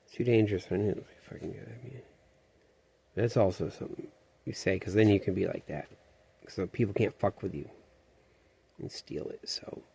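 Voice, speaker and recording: A man's voice: lowish voice, normal speed, creaky, pauses often, dark tone, breathy edge. A man rambling through a profane, meandering, conspiratorial monologue.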